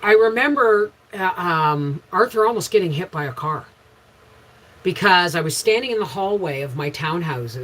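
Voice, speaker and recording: Husky middle-aged woman, frank and rambling. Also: low-pitched, low-quality recording. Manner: frank rambling storyteller with sudden loud bursts. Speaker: homestead channel host. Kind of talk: casual livestream chat answering viewers.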